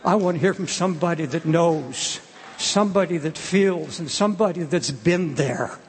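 A man's voice: a little high, moderate pace, a little hiss or hum. An older man preaching a sermon in an earnest, pleading way, often restarting his phrases. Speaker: pastor. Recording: long hall reverb.

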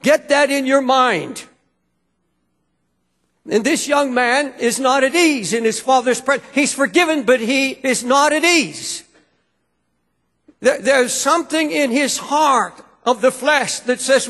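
A man's voice: extremely high pitch, unhurried, a bit bright. A man preaching a sermon in an emphatic, fervent manner. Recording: long hall reverb.

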